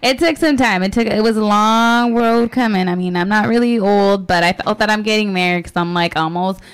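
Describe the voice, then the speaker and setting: A young woman hosting a radio talk show, chatting casually and fast with a lot of fillers and giggles. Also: medium pitch, clean tone.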